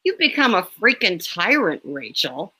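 Drowsy, grumbling young man, slow and put-upon, voiced by a female reader. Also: lowish voice, big pitch swings, pushed and bright, husky, exaggerated voice. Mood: grumpy.

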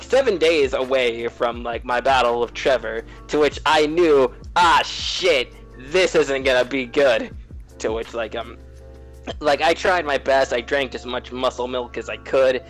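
A man's voice: medium pitch, a little slow, soft background music. A young man co-hosting a casual podcast, rambling through a story with many fillers and self-mocking asides. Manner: rambling, heavy on "like" and "to which". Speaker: podcast co-host. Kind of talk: casual chat.

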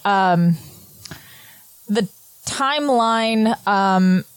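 A woman's voice: mid-range voice, animated, very slow, clean tone, dry recording. Chatty, earnest woman hosting a podcast. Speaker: podcast host. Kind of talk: casual chat.

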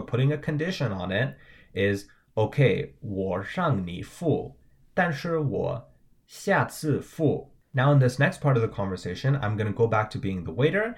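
A young man giving a patient video lesson, spelling out words letter by letter and often checking in with the viewer. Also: on the low side. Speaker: language teacher.

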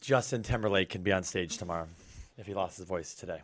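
A man co-hosting a podcast in casual chat, talking with an energetic, hyped-up delivery. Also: low-pitched, quick pace, slight background noise. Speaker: podcast co-host.

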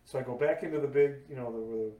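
A man's voice: medium pitch, very fast. A man hosting a casual interview, telling stories and acting out the voices of people in them. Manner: animated, acts out voices in his stories. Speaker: podcast host. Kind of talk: casual storytelling chat. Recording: echoey room, mic at a distance.

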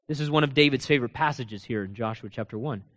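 A man preaching a sermon, asking rhetorical questions and swinging between loud proclaiming and low, quiet emphasis, with casual asides to his listeners. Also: fast. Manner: laughs and talks casually to the congregation.

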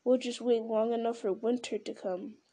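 Casting: a gloomy, plain-spoken hobbit, read by a woman in a storybook, mellow voice. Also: a little high, steady tone, normal speed, lightly acted.

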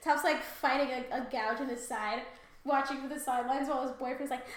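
A woman's voice: sits high, fairly even intonation, a little fast, heavy reverb. A woman co-hosting a podcast in casual chat, loose and profane, laughing often. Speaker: podcast co-host.

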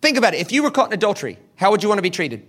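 A man preaching with a high voice that jumps all over the place. He is an animated pastor who asks the room questions and answers them himself. He slips into the voices of the people in the story as he tells it. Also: rapid-fire, husky. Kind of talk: sermon.

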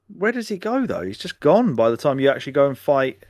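A man from England co-hosting a casual podcast, animated, swearing casually and mimicking voices. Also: medium pitch, fairly quick, dry recording, clean studio sound. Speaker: podcast co-host. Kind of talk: casual chat.

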